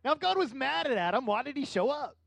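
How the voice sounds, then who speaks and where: Middle-aged male pastor, high-pitched, conversational sermon with animated peaks, dry recording. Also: fast, creaky, slightly rough, no echo. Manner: conversational preaching with rising animated bursts.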